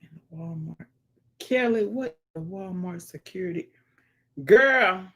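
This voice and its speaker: A woman's voice: on the low side, lively intonation, takes it slowly, fairly bright tone, slight background noise. A woman hosting a casual livestream, reading viewer comments aloud with folksy exclamations and dropping to murmurs and whispers. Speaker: livestream host. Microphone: phone.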